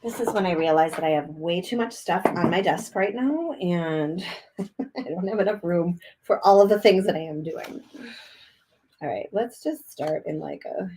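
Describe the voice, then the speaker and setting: A woman's voice: fairly low pitch, lively intonation, normal speed, warm tone, a little hiss or hum. A woman giving a casual, upbeat art journaling demonstration, chatting as she works in a cold room above a garage. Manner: chatty, upbeat, talks while working. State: chewing a cough drop. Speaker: art instructor.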